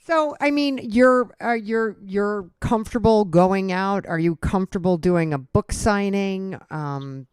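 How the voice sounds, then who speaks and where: An interview host asks curious questions and reacts with quick sympathy. The voice is smooth and clear, with a medium pitch and a dry, close sound. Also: dry recording.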